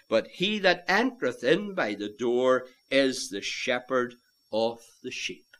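Man, preacher, sermon, fairly high voice, swoops widely, impassioned repetition. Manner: impassioned, rising to loud emphatic peaks, repeats phrases for stress; quotes scripture in old-fashioned wording. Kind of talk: evangelistic sermon.

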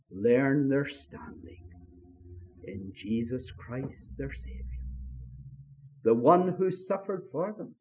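A man with a high-pitched, slightly mellow voice preaches a sermon in a fervent, old-style manner. He appeals to his listeners again and again with rhetorical questions.

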